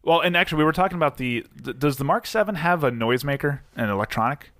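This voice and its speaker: A man's voice: fairly high pitch, animated, fast talker, a bit bright, no room sound. A man hosting a podcast, chatting casually about cars, joking and talking in fits and starts. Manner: laid-back, joking, talks in fits and starts. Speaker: podcast host. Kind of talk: casual car chat.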